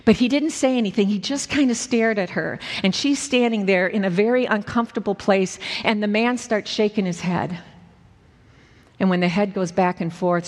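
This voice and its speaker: A woman preacher telling a story in a sermon, earnest and slowing down at dramatic moments. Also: on the low side. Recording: echoey hall with long reverb.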